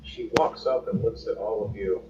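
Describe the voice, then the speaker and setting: A man narrating as game master of a tabletop game in a relaxed, unhurried way, recorded distant in a roomy space with noise. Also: on the low side. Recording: roomy, distant, dull, noisy.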